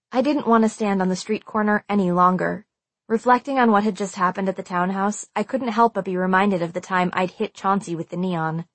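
Brief: female audiobook narrator, mid-pitched, tense and emotional delivery, dry close studio sound. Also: brisk, no echo. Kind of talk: first-person audiobook narration.

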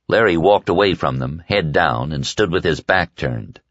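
Expressive male audiobook narrator. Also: deep voice, dry recording. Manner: measured, expressive reading. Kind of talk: scripted narration. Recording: dull lo-fi dry recording.

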